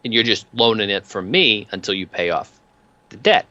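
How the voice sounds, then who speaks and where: A man's voice: lowish voice, animated, moderate pace, pushed and bright, no room sound. A man voicing a cheerful, menacing male debt collector who makes threats in a chummy, wheedling way, on lo-fi call audio.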